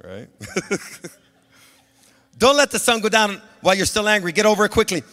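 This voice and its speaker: A male pastor delivering a sermon, who swings between shouting exhortation and soft, low confiding talk. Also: lively intonation, a little slow. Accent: Southern Californian. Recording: long church-hall reverb.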